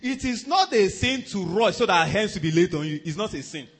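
A man preaching a sermon as a pastor, animated, often chuckling and repeating himself for emphasis. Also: high-pitched, a little fast, slightly rough.

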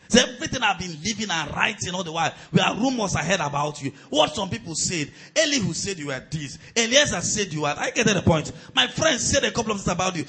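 A man preaching a sermon as pastor. His delivery swings between loud, shouted surges and quieter storytelling. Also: high voice, expressive, brisk, slightly rough, low-quality recording.

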